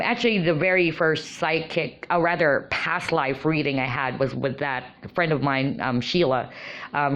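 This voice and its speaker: A woman vlogger casually telling her own experiences, with many fillers and lots of excitement. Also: very deep voice, highs cut off. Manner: animated, many fillers like "you know" and "um". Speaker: vlogger sharing personal experiences. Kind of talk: casual personal storytelling.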